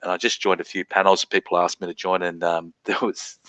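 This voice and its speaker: Rambling Australian man, bright dry voice. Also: deep voice, flat delivery, fairly quick, no room sound. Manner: rambling, swears freely, laughs often. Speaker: livestream host. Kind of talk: casual late-night chat.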